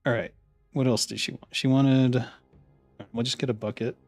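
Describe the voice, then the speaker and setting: A man's voice: medium pitch, steady tone, normal speed, dry recording, soft background music. A man in his thirties, a streamer chatting casually, rambling and swearing with many laughs while ordering food.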